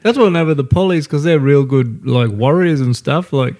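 Blunt, swearing bloke. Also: male voice, on the high side, lively intonation, brisk, darkish tone. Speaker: podcast co-host. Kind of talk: casual pub chat.

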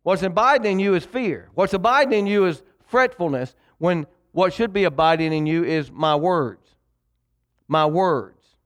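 A male pastor preaching a sermon, emphatic and repetitive, calling on the congregation to read along. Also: on the high side. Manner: preaching with call-and-response to the congregation.

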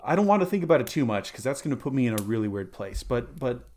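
A man co-hosting a comedy podcast, halting and easygoing in casual chat. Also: medium pitch, very animated, a little mellow. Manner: halting, full of fillers and restarts. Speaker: podcast co-host.

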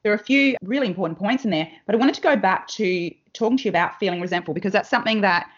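A woman's voice: medium pitch, rapid-fire, muffled recording. A woman hosting a podcast interview, asking her guest questions. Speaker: podcast host.

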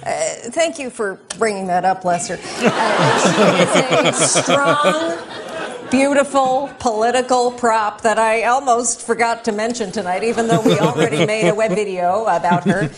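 An actress playing an awkward, stiff female politician in a live TV comedy sketch, talking with halting, forced cheer. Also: fairly high pitch, close to an everyday voice. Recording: live studio audience, loud crowd noise.

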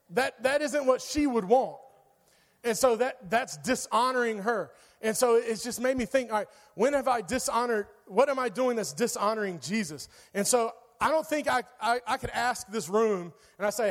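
High-voiced young man preaching casually. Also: big-room sound. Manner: casual, animated storytelling with lots of "like". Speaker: youth pastor. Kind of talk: sermon.

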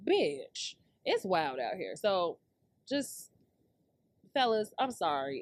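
A woman hosts a pop-culture talk show, ranting in blunt, profane bursts. Her voice sits at an ordinary middle pitch. The sound is dry and close, with no room around it. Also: sing-song, slow pace, vocal fry, pauses often, no room sound. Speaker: podcast host. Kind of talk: casual pop-culture commentary.

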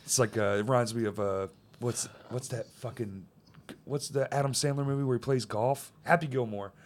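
Male podcast host, mid-pitched, casual and profane. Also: fairly even intonation. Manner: loose and profane, quick banter, laughs often. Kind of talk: casual chat.

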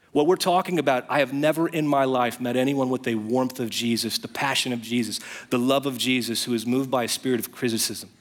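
Animated preaching man in a reverberant hall. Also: medium pitch. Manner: animated storytelling, rising emphatic phrases. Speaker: pastor. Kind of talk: sermon. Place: church auditorium. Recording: long reverb of a large hall.

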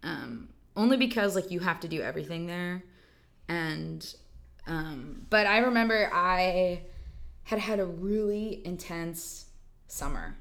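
A woman theater actor, a guest in a casual podcast conversation, telling a story in a chatty, animated way with lots of fillers. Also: fairly low pitch, unhurried, gravelly.

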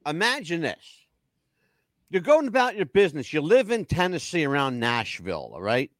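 Animated swearing male chat show host. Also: a little high, moderate pace, no room sound, clean studio sound. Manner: animated storyteller, swears freely. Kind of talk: casual chat show talk.

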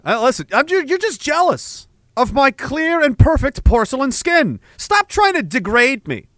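A high, bright male voice that swings widely as he jokes through chat messages, swearing freely and acting outraged. The sound is close and dry with no room around it. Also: sing-song, normal speed, dry recording. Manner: profane, joking, mock-indignant. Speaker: streamer reading chat. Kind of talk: casual chat.

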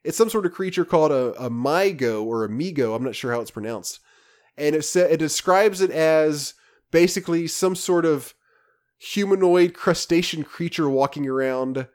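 A man co-hosting a casual podcast, telling a rambling, animated story about a video game with many restarts. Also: on the high side. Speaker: podcast co-host.

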